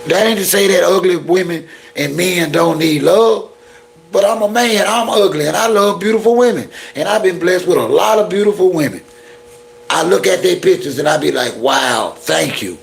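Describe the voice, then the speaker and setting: Gravelly high-voiced man ranting on a live stream. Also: a little fast. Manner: playful flirting banter with viewers; blunt, exasperated ranting. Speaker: YouTube live-stream host. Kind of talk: casual live-stream chat with viewers.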